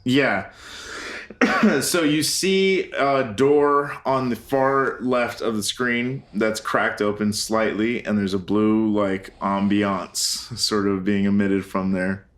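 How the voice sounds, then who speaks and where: A man's voice: lowish voice, slow pace. A man co-hosting a casual podcast, recapping a film scene in a loose, profane, rambling way with plenty of fillers. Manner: rambling, profane, laughs loudly and often. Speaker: podcast co-host.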